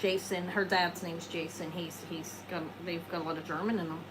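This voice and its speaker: Speaking at normal speed in a lowish, steady voice, a woman hosts a live jewelry sale against a noisy background. She keeps the chat casual and wandering, answers viewers, and jokes and laughs at her own expense.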